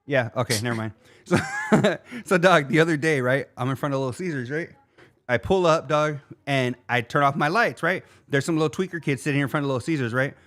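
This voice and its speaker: A man's voice: fairly high pitch, fairly quick. A man co-hosting a podcast, telling a story in a casual, slangy way and calling people "dog" again and again. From Arizona. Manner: animated, slangy, says "dog" constantly. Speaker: podcast co-host.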